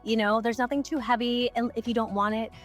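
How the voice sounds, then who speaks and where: A woman's voice: on the high side, steady tone, a little fast, faint music behind. A woman who owns a bookstore, answering radio interview questions in an earnest, enthusiastic, conversational way. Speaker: bookstore owner, radio guest.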